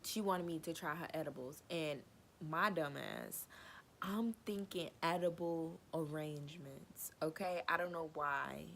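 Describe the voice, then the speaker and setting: Low-voiced girl doing a storytime vid, slangy, cussing, acting out everybody's lines. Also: unhurried, gravelly, slight background noise. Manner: animated, slangy, swears freely, acts out quotes. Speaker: storytime vlogger. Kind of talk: casual storytelling.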